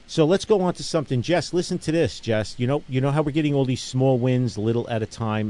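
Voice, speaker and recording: A man's voice: mid-range voice, a little fast, hardly any pauses, warm tone. A middle-aged man hosting a casual radio talk show, talking emphatically and rambling through stories with many restarts and frequent "okay?" check-ins. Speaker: radio show host and gun range owner.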